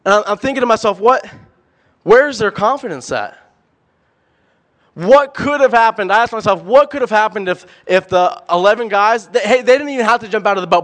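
Young man, preacher, high voice, emphatic, rhetorical questions, sermon. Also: brisk. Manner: animated, emphatic, repeats words, asks rhetorical questions.

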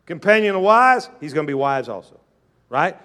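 Very animated at a normal speed, a pastor preaches fervently in a high, bright voice and asks the congregation to echo lines back. He voices doubters' objections in a lower, quieter tone, then responds to them.

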